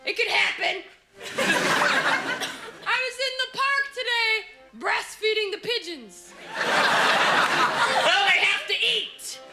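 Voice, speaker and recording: A woman's voice: very high voice, lively intonation, slow, pauses often, over loud music. A woman doing a stand-up comedy routine on stage, brashly insulting the audience. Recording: live show with audience laughter and noise.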